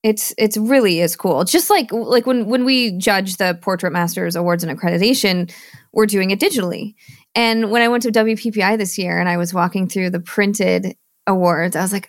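A woman's voice: mid-range voice, lively intonation, a little fast, dry recording, studio quality. A woman hosting a podcast, asking questions and cheering her guest on in an upbeat, affirming way. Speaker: podcast host. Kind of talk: conversational interview.

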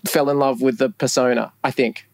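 A man co-hosting a podcast, chatting in an animated, emphatic and opinionated way. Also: mid-range voice, a little fast, gravelly, no room sound. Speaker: podcast co-host. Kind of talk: casual chat.

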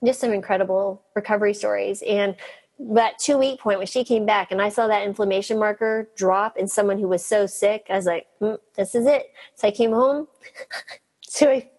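Breathy, animated woman doctor telling stories. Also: mid-range voice, moderate pace. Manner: animated, laughs often, mimics others. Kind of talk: storytelling in an interview.

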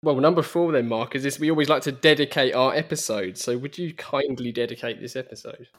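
A man's voice: medium pitch, fairly quick, a bit bright. A male podcast host with a mid-range voice who sounds upbeat and friendly. He thanks his guest and reads the closing lines of the show. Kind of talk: podcast interview.

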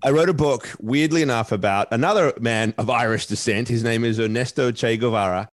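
A man's voice: mid-range voice, brisk, no room sound, studio quality. A man with an Australian accent, hosting a panel discussion and telling stories in a thoughtful, discursive way.

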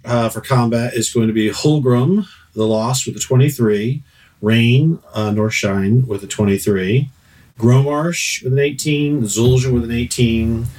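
A man's voice: mid-range voice, unhurried, a little mellow. A man narrates a tabletop game as game master, circling his descriptions with fillers and hesitations. His voice sits in a middle range and sounds a little distant from the microphone. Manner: rambling, full of hesitations and "sort of, like".

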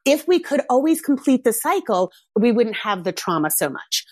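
A middle-aged woman, a mother, telling a candid personal story in a reflective, casual way. She grows animated when she quotes herself. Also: on the high side, normal speed, dry recording.

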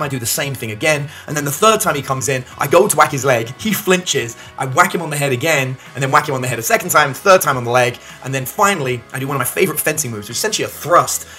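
A man with a high, bright voice tells a story to camera and slips into the voices of the people in it as he goes. He talks fast, his pitch jumps all over the place, and soft music plays behind him. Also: rough recording. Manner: animated storyteller acting out dialogue. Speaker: business coach.

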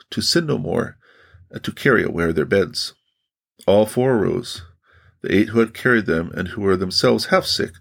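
Gravelly low-voiced male narrator. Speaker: audiobook narrator. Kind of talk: scripted audiobook narration.

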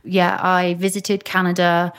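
Uk woman on a podcast, lowish voice, animated storyteller doing little voices for quotes. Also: unhurried, smooth. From United Kingdom. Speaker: psychic medium guest. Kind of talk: casual podcast interview.

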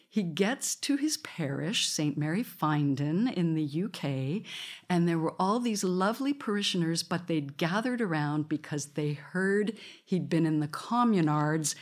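Lady radio host chatting in a studio, tells stories, laughs a lot, lowish voice. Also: expressive, measured pace. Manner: laughs often, chatty storytelling. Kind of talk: live studio conversation. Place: radio studio with live audience.

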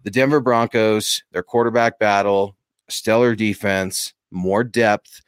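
A man's voice: lowish voice, steady tone, unhurried, clean tone, dry recording, studio quality. A man hosting a casual sports podcast, chatty, reading out supporter thanks and putting questions to his co-host.

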